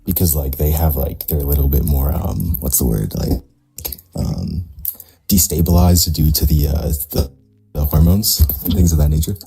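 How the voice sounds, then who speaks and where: A man's voice: a bass voice, moderate pace, vocal fry, dark tone, slightly rough, faint music behind. A man in his twenties calling into a debate stream, hesitant and full of fillers. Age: 20s. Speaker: caller. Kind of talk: casual debate call.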